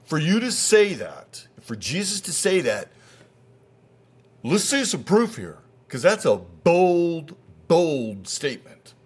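A man preaching a sermon as pastor, folksy and conversational, swinging between loud emphasis and quiet asides. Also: on the high side, sing-song, takes it slowly, husky.

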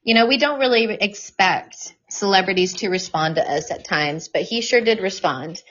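A woman guest on a podcast, talking casually in an animated, outspoken way with plenty of profanity, in a dull lo-fi recording. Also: mid-range voice, normal speed. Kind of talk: casual conversation.

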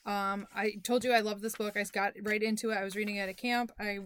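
A woman in her thirties co-hosting a book podcast, telling stories with animated energy and frequent swearing. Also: medium pitch, quick pace, smooth. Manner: animated storytelling, swears freely. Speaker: podcast co-host. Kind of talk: casual book chat.

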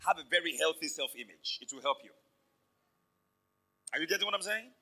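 A man preaching a lively sermon to his church, acting out the voices in his stories. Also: fairly high pitch, brisk, low-quality recording. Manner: animated preaching, acts out quoted voices. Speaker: pastor.

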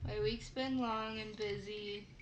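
A woman's voice: mid-range voice, steady tone, measured pace. A young Midwestern American woman co-hosting a podcast, teasing and swearing in casual chat. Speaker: podcast co-host. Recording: echoey room with clear noise.

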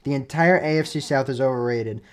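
A man co-hosting a casual sports podcast, opinionated and excitable, tossing out quick takes and agreeing often with "yeah". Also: mid-range voice, smooth.

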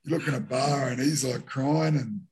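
A man's voice: mid-range voice, normal speed, darkish tone, husky. A middle-aged Australian man, a former rugby league player, telling rambling, self-deprecating stories in a casual interview.

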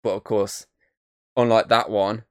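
A man's voice: lowish voice, little pitch movement, unhurried, clear, resonant tone, no room sound, clean studio sound. A man giving a casual, rambling film review, swearing freely and humming bits of tunes.

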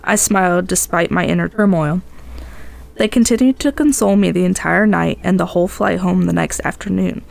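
A woman's voice: fairly low pitch, fairly quick, gravelly. A woman podcast host narrating a tense first-person tale in a dramatic storytelling manner.

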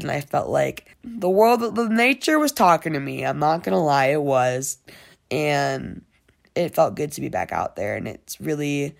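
Young woman rambling with vocal fry. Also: very deep voice. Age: young adult. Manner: rambling, filler-heavy, frequent swearing. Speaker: vlogger. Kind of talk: casual diary-style chat.

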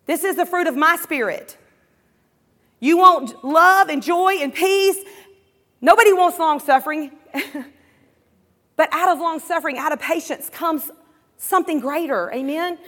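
High-voiced woman preaching a sermon. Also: unhurried, long pauses, a bit bright, big-room sound. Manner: emphatic call-and-response, quoting imagined prayers and voices.

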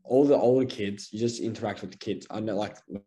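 Young man, Australian accent, low-ish mellow voice, casual podcast chat, rambling. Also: fast talker. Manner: rambling, full of fillers and restarts. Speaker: podcast co-host.

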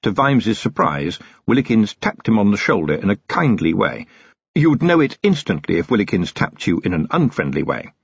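A man narrating an audiobook in measured storytelling style, on a dull lo-fi recording. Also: lowish voice, very animated, creaky, slightly rough, no echo.

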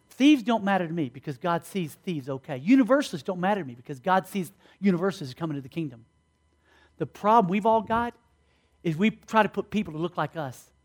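Male preacher, high voice, animated storyteller who acts out the dialogue. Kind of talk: sermon storytelling.

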